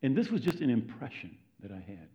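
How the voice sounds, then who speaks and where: A man's voice: mid-range voice, huge pitch swings, brisk, mellow. A man preaching a sermon in a conversational, storytelling way, often checking in with his listeners. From United States. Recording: dull lo-fi recording.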